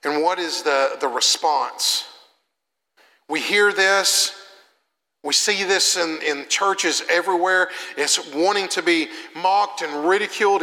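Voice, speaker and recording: Young man, sermon, bright tense voice, gravelly, reverberant church hall. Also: fairly high pitch, takes it slowly. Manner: conversational preaching, swings from loud to soft. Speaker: preacher.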